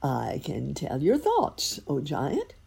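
A woman voicing a calm, resourceful male cat who poses as a grand wizard, speaking slowly and impressively. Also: deep voice, vocal fry, husky, exaggerated voice. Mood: calm, crafty. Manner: measured, impressive, slow.

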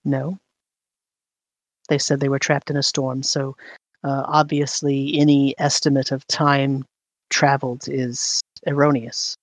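Brief: a game master as a haughty queen, curt and guarded, middle pitch, dry sound. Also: little pitch movement, a little slow, dry recording. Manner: curt, guarded, answers questions with questions. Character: haughty evasive woman ruler of an island city.

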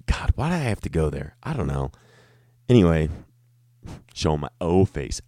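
A man's voice: very deep voice, sing-song, moderate pace, pauses often, dark tone, no room sound, studio quality. A man telling a casual, profane, rambling story about his years working as a restaurant server. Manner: rambling, self-interrupting, laughing asides.

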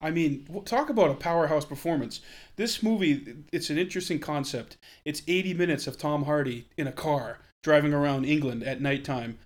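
A man's voice: on the high side, brisk. A man hosting a casual podcast chat, rambling with many fillers. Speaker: podcast host.

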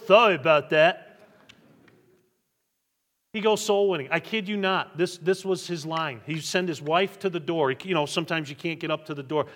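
Higher-voiced pastor preaching in a reverberant hall. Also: male voice. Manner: animated storytelling, voice rising and dropping with the story. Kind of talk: sermon.

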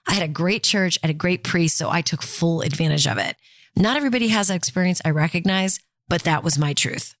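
A woman's voice: on the low side, a little fast, dry recording, studio quality. A woman in her fifties giving candid, conversational personal advice and talking straight to her listeners.

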